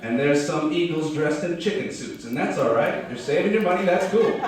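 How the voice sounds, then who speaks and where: A man's voice: on the high side, animated, normal speed, crowd noise. Echoey man telling a folksy story. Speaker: speaker at a business start-up event. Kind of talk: storytelling keynote talk. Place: large hall. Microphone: distant from the mic. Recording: echoey hall from far off.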